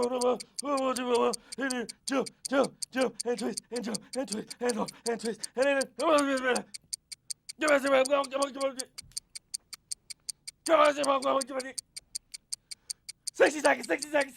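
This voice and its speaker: A man playing a loud, peppy football coach who leads kids through a short workout with shouty, hyped-up cheering. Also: very high voice, vocal fry, full character voice. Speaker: fitness coach. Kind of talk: scripted kids' fitness skit.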